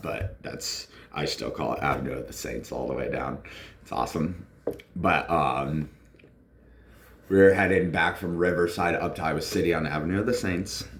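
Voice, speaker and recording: Deep voiced guy telling a story real slow, lots of ums, acts out the quotes. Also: fairly bright tone, slight background noise. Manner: rambling storytelling with fillers, acting out quotes. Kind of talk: casual personal testimony.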